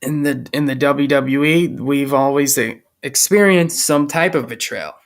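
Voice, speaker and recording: Slow, halting young man hosting. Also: mid-range voice. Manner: hesitant, halting, many restarts. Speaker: host. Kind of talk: casual podcast chat.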